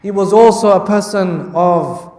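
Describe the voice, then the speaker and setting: A man's voice: high-pitched, measured pace, a little mellow. A male lecturer telling Islamic historical stories, repeating key phrases for emphasis and mixing Arabic quotes with English. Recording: echoey hall from far off.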